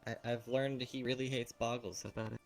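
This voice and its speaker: A man's voice: medium pitch, little pitch movement, fairly quick, creaky, faint music behind. A man in a roleplay session, talking in an easygoing, mild way. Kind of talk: in-character roleplay.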